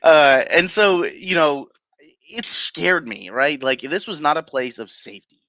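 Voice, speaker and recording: A man's voice: on the high side, a little slow, bright, forceful tone, dry recording. A man being interviewed as a paranormal investigator, telling his stories casually with many fillers, restarts and chuckles.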